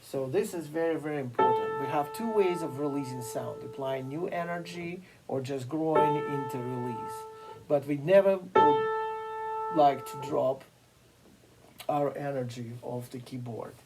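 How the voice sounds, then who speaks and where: A piano teacher giving a masterclass lecture, explaining slowly and deliberately with frequent fillers and pauses. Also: medium pitch, low-quality recording. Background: occasional piano playing.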